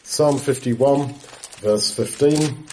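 Male preacher, dark mellow tone, steady explanatory sermon delivery. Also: medium pitch, slight background noise, low-quality recording. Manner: unhurried, explanatory, quotes scripture often. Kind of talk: Bible teaching talk.

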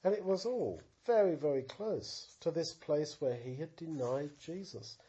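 A man reading and explaining a Bible story to a child in a lively storytelling manner. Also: fairly high pitch, unhurried, highs cut off. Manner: animated storytelling, simple explanations.

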